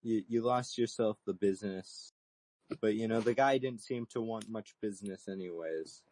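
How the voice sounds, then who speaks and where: A young man co-hosting a comedy podcast, deadpan and mock-profound, stuck on stammering repetitions. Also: on the low side, normal speed, no room sound. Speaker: podcast co-host.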